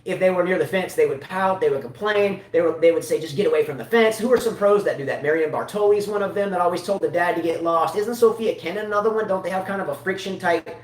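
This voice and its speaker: Man, tennis show host, rambling live chat; high voice, echoey room, mic a way off. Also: fast talker, hardly any pauses. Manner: rambling, with many restarts and rhetorical questions. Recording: roomy, mic at a distance.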